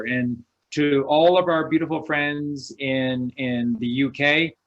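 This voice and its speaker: A man's voice: mid-range voice, fairly bright tone. A man with a mid-range voice speaks as a guest over a video call, emphatic and rallying, repeating key phrases. His audio sounds dull and lo-fi. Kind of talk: casual chat.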